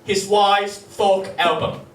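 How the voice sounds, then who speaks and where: A man's voice: sits high, steady tone, takes it slowly. A young man telling crude comic stories and laughing at his own jokes, in a roomy, distant recording with faint noise. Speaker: comedy vlogger. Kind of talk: rambling comic monologue.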